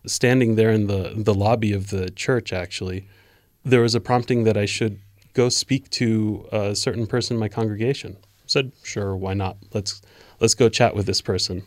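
A man co-hosting a faith discussion, telling a personal story in an earnest, measured way. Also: on the low side, steady tone, no room sound, clean studio sound.

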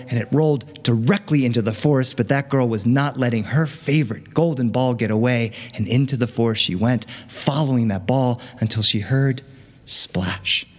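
A man telling a fairy tale live to an audience, animated and chatty with playful asides. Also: medium pitch, normal speed, few pauses, long reverb tail. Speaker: storyteller. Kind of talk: live oral storytelling.

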